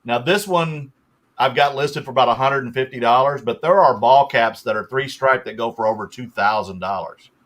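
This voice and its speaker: A man's voice: medium pitch, moderate pace, a bit bright. A man in his sixties, a guest on a reselling livestream, who chats casually and explains at length, trailing off as he goes.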